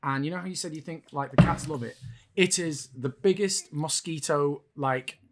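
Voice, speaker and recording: A man's voice: fairly high pitch, normal speed, music in the background. A man co-hosting a podcast in casual chat who laughs easily, swears casually, and jokes along. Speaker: podcast co-host.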